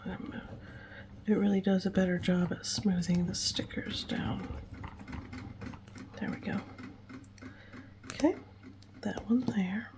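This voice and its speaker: A woman host of a journaling channel, whispering softly to herself as she crafts and talks about it. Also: medium pitch, noisy background. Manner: whispers while working with her hands, talks to herself. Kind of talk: soft whispered crafting chatter.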